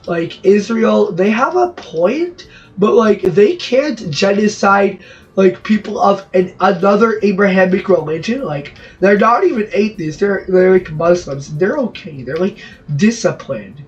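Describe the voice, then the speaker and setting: A man's voice: sits high, expressive, measured pace. A man from Brazil giving rambling, jokey gameplay commentary with lots of self-interrupting asides. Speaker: gaming channel host. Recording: distant, dull lo-fi mic with music behind.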